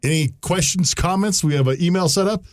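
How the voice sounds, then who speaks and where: A man's voice: high voice, a little fast, dry recording, studio quality. A man hosting a radio podcast in casual chat, easygoing and enthusiastic. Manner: easygoing, laid-back, enthusiastic asides.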